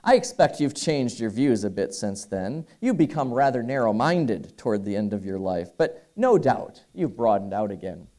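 A man playing a patronizing theologian, pompous, condescending, mellow tone. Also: medium pitch, very animated, normal speed, few pauses, lightly acted.

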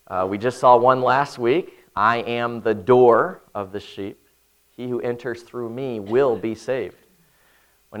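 A pastor reading scripture, praying and preaching a sermon in an earnest manner, often dropping to a soft voice at the ends of phrases. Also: male voice, mid-range voice. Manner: earnest preaching, swells and drops in loudness.

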